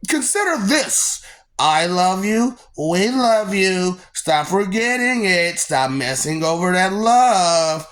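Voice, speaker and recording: Slow, teasing vlogger who keeps laughing. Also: medium pitch, expressive, fairly bright tone. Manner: laughs often between lines, teasing, sing-song repeats. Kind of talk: rambling rant to the camera.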